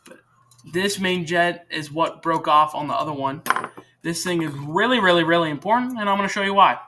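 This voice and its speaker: Working at a home workbench, this teenage channel host shows how to do a repair in a rambling, chatty how-to, frequently correcting himself. His pitch is fairly high and he talks a little fast, with background noise in the clip.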